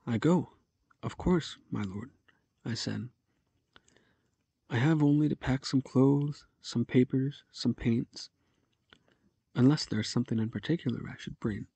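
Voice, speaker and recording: Gravelly, husky male audiobook narrator. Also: medium pitch, measured pace, pauses often, dark tone, no room sound. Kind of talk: scripted first-person novel narration.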